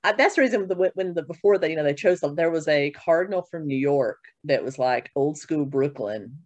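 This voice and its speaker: Brief: casual interview host, mid-pitched, chatty, dry studio mic. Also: animated, brisk, dry recording, dull audio. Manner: chatty, storytelling, laughs often. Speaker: podcast host.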